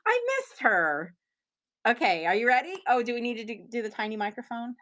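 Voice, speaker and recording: A woman hosts a casual live stream selling her handmade pieces, chatting excitably with plenty of fillers. Her voice is on the high side and a little fast.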